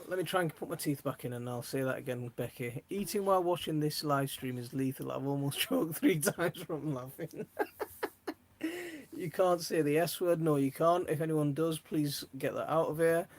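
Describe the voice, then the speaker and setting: A woman's voice: low voice, normal speed. A woman hosting a casual live stream, chatting, laughing often and reading viewer comments aloud.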